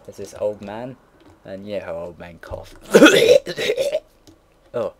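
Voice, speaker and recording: A man's voice: lowish voice, normal speed, dark tone, a little hiss or hum. A young man in his late teens, casually rambling and swearing while narrating a computer build. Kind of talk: casual gameplay commentary. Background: keyboard typing and mouse clicks.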